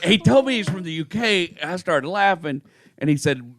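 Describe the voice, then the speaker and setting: A man's voice: medium pitch, expressive, fast talker, no room sound. A Texan man, a podcast co-host and voice-over artist, telling a story casually and often breaking into laughter.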